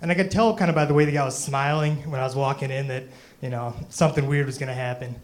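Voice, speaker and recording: A man's voice: mid-range voice, steady tone, fast. A young man doing a stand-up comedy set on stage, rambling and self-deprecating, full of "you know" and "um".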